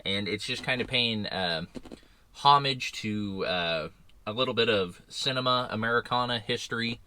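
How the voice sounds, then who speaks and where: A truck-driving man chats loosely to his camera from his parked rig. His voice sits at an ordinary middle pitch but rings bright and forward. He wanders from thought to thought in a relaxed, conversational way. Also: normal speed, clean tone. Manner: rambling, loose and chatty. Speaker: owner-operator truck driver. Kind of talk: casual vlog chat. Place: in and around a parked semi truck.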